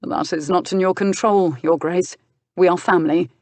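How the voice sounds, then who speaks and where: A steady older gentleman speaks firmly and with measured control, sometimes with a dry mocking edge. A woman reads him in a low voice. The recording is close and dry. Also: dry recording, lightly acted. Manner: firm, measured, dryly mocking. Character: older uncle and guardian, firm, steady boxer. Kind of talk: audiobook character voice.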